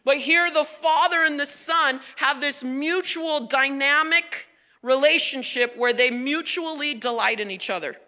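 Woman pastor, high voice, very bright tone, lively conversational sermon, long hall reverb. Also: unhurried. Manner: animated, emphatic, conversational.

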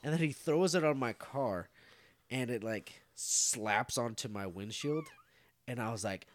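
A man's voice: mid-range voice, lively intonation, a little slow, a little hiss or hum. A man casually telling a story to friends on a podcast, rambling, swearing and laughing. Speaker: podcast co-host.

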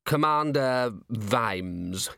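A man reading an audiobook voices an aloof, weakened older male ruler who murmurs slowly and coolly. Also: mid-range voice, lively intonation, creaky, pushed and bright, clean tone, no room sound, studio quality, full character voice. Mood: languid. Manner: slow, murmuring, cool.

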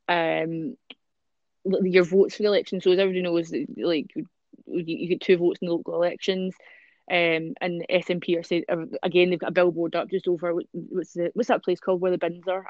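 A Scottish co-host talks through things at length, full of ums and restarts. The voice sits at a middling pitch. The recording is dry and somewhat dull. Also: darkish tone, dry recording. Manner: explains at length, with many fillers. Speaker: podcast co-host. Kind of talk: casual chat.

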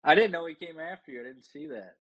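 A man's voice: on the high side, fast talker, fairly bright tone, husky. A man co-hosting a sports betting podcast, wry and a little suspicious as he teases the others. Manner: wry and suspicious, with easy laughs. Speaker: podcast co-host. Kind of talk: casual sports betting chat. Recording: dull lo-fi audio.

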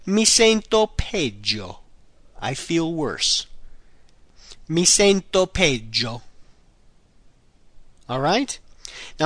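A man hosting a podcast language lesson who repeats phrases slowly for learners. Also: on the high side, a bit bright, dry recording. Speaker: language teacher, podcast host.

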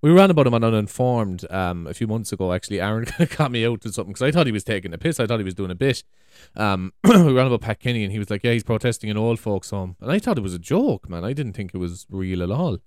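Man, rambling vlog, cursing, exclaiming, lower-pitched voice, dry close sound. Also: expressive, quick pace, darkish tone, smooth, no echo. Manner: swearing, exclaiming, trailing off. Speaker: vlogger. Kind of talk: rambling casual monologue. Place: big room at home. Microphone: USB desk microphone.

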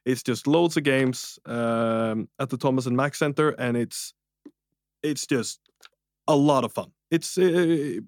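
A man co-hosting a podcast, telling an anecdote in a lively, laughing way. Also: mid-range voice, slow, dry recording, clean studio sound. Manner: animated, laughs through his own story. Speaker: podcast co-host. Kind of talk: casual podcast storytelling.

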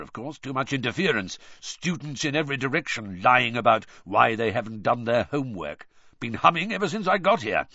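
A man voicing a gruff, blunt old male wizard teacher who growls his words. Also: medium pitch, sharp tone, dry recording, dull audio, heavily acted.

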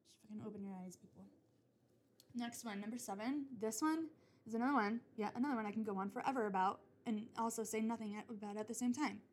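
Young woman, solo podcast host, rambling and swearing, restarts constantly, voice a touch high. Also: fairly even intonation, fast. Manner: rambling, swears often, many restarts and fillers. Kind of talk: casual solo podcast rant.

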